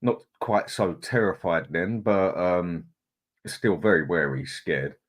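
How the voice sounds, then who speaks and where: A man's voice: deep voice, expressive, slow pace. A middle-aged man, hosting a casual live chat, greeting viewers in a chatty, laid-back way. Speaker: livestream host.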